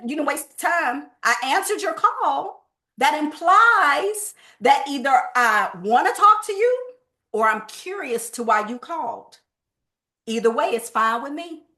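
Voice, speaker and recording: A high, bright voice from a woman in her fifties leading a sales training. She talks in a lively, sermon-like way, slipping into little acted phone calls to make her point. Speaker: sales coach. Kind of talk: motivational sales training talk.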